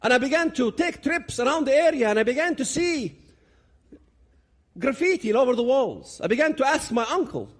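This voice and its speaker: A man gives a dramatic public talk. His voice sits high for a man and swings widely as he pushes each point hard. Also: very animated, brisk. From Palestinian territories. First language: Arabic. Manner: dramatic, emphatic, builds to loud peaks. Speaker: public speaker.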